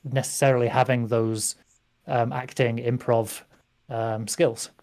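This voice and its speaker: A man with a medium voice chats casually about tabletop role-playing. He speaks in a relaxed way and fills his pauses with small hesitations. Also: mid-range voice.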